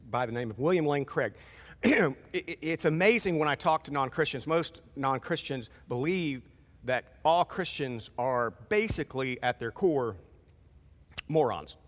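A man preaching a sermon in a conversational, animated way, acting out short quoted exchanges. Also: mid-range voice, big-room sound. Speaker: pastor.

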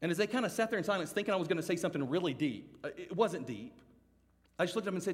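A man telling a funny story as a youth speaker, acting out the voices of the people in it and swinging from loud to hushed. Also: high voice, lively intonation, racing. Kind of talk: storytelling sermon. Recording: long hall reverb.

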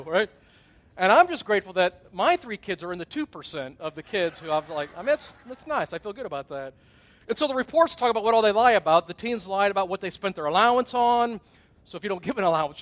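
High-voiced man preaching conversationally. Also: lively intonation, fast, a bit bright. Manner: conversational preaching, acted-out asides and gasps. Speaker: pastor. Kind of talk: sermon.

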